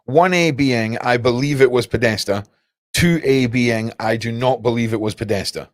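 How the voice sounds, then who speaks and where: A man's voice: medium pitch, normal speed, no echo. A young man hosting a livestream, rambling casually and talking straight to his chat viewers. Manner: rambling, cryptic, chats to viewers. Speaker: livestream host.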